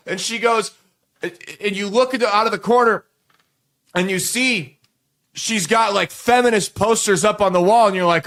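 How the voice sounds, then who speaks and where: A man's voice: sits high, moderate pace, fairly bright tone. A man in his late twenties hosting a show, telling a crude, rambling comic story straight to viewers with plenty of restarts. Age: late 20s. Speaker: show host. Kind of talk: comedic monologue to viewers.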